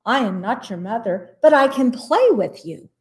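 Gentle storybook polar bear, female, calm and protective, read by a woman. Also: on the high side, normal speed, close to an everyday voice. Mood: tender.

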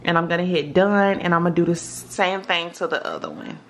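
A woman's voice: lowish voice, big pitch swings, fairly quick, a little hiss or hum. A woman casually explaining steps in an app tutorial, often checking in with her viewers. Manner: chatty, checks in with viewers with "okay?". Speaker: tutorial vlogger.

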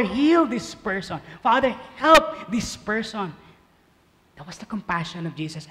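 A man delivers a sermon in a high voice, swinging from loud emphasis to hushed asides. He reads scripture slowly and deliberately, drawing out the words with the congregation. His voice rings with a long reverb, as if he is preaching in a church hall. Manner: slow, drawn-out scripture reading with the congregation. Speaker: pastor.

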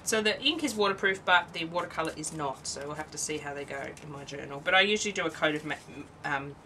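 This tired Australian woman talks quickly with lively intonation, her low voice bright and forceful, as she shows off her crafts. She's rambling and chatty, often cutting herself off, and the poor audio is recorded from a distance with slight background noise.

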